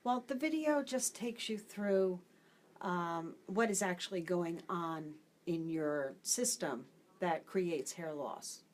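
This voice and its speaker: A woman hair restoration specialist calmly explaining her work, with frequent ums. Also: fairly low pitch, takes it slowly. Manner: calm, explanatory, many ums. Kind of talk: explaining to a host.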